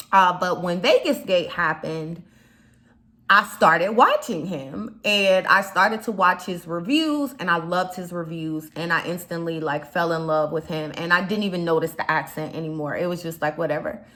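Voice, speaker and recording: Bright-voiced chatty woman from Chicago. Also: on the low side. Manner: chatty, rambling, lots of fillers and asides. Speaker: YouTube commentator. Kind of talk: casual commentary vlog.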